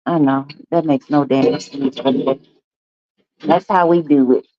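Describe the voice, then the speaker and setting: A woman's voice: low-pitched, fairly even intonation, slow pace, dry recording. A woman hosting a live stream, rambling casually with folksy asides. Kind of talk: casual morning chat. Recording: dry, slightly dull stream audio.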